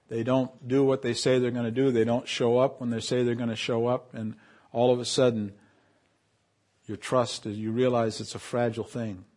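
A man preaching a sermon to his congregation, building loud on key phrases, dropping to quiet asides and leading call and response. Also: mid-range voice. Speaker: pastor.

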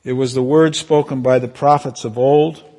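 This pastor's sermon is fervent and emotional, though his tone is steady and mellow and his pace moderate. At moments of feeling, his voice reaches high.

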